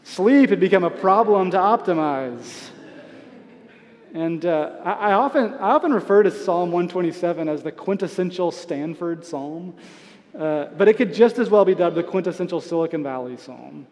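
Guy preaching a sermon, kinda high-pitched, easygoing with little chuckles, big echoey church sound. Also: lively intonation, moderate pace. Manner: conversational preaching with soft asides and chuckles. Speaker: pastor. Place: church sanctuary.

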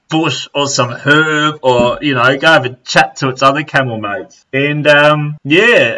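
An Australian man with a bright, forceful voice chats loosely, spinning stories packed with slang and swearing. He laughs his way through anecdotes in a relaxed conversational flow. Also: on the high side, poor audio. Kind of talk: casual chat.

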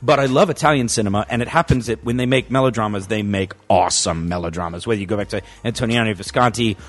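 A man's voice: fairly low pitch, fast talker. A man co-hosting a podcast in casual chat, rambling and correcting himself as he talks. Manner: rambling, animated, self-correcting. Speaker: podcast co-host.

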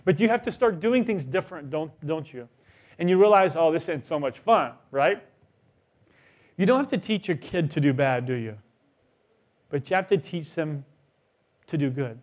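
A man in his thirties, a pastor preaching a sermon, telling a story with lively voiced quotes. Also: a little high, normal speed, long pauses.

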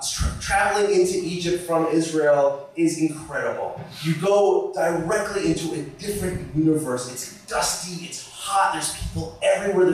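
A man telling a story on stage, animated and swearing, often laughing as he talks. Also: sits high. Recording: echoey hall, distant mic.

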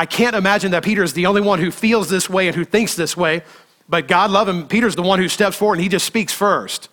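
A man preaching a sermon to his congregation, animated and full of rhetorical questions and acted-out quotes. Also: sits high. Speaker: pastor.

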